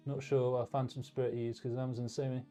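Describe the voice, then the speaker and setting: A man's voice: medium pitch, little pitch movement, fast talker, warm tone, faint music behind. A man hosting a live stream, chatting casually and giving blunt hardware advice while he works on a build. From United Kingdom. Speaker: livestream host, PC builder.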